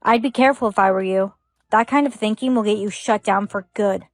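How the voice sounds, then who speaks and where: A woman's voice: mid-range voice, brisk, no room sound. A woman content creator acting in a comedy skit with a matter-of-fact, playful delivery. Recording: faint background music.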